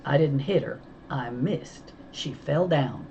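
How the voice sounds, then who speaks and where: Low-voiced woman reading a children's novel. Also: slow pace, creaky, lo-fi sound, slight background noise. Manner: lively storytelling, voicing characters. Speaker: audiobook reader.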